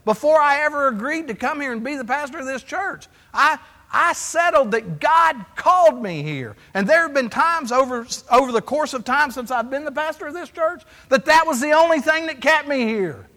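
A man preaching from the pulpit, his voice pitched very high and ringing bright. He tells stories in animated bursts and acts out each conversation. A long reverb from the church hall trails every phrase. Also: normal speed, hardly any pauses. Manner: storytelling, animated, acts out dialogue. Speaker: pastor. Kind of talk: sermon. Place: church sanctuary.

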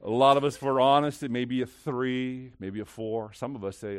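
A man preaching a sermon as pastor, swinging between loud, lively stretches and hushed, slow ones. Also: mid-range voice, clean tone, no echo.

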